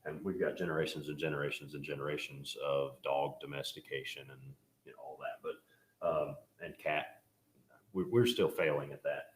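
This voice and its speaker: A man teaching a Bible class in a casual, joking way, telling animated stories. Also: a bass voice, normal speed, echoey room.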